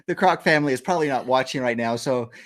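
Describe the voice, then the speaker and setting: A man's voice: mid-range voice, quick pace. A middle-aged man hosting a casual morning show, rambling and joking, often laughing. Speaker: host.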